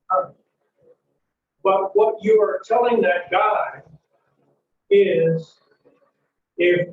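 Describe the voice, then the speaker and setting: Loud, emphatic male lecturer in echoey hall. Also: high-pitched. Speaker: psychology lecturer. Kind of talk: classroom lecture with acted scenarios. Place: classroom. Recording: echoey lecture hall, dull mic from far off.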